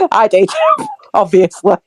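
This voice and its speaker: A woman's voice: on the high side, darkish tone, no room sound. Giggly woman, chatty. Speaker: podcast co-host. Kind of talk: casual fan chat.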